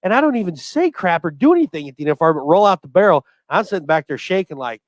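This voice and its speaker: A man hosting a casual podcast, a rodeo clown by trade. He jokes a lot and keeps throwing in quick asides. His voice sounds dry and close to the mic. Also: sits high, no echo. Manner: animated, joking, quick asides.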